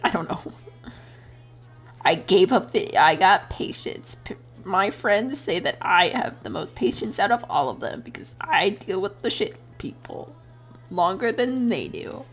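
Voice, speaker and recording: A woman in her twenties chatting casually while drawing on stream, rambling, swearing freely and laughing often. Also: fairly low pitch.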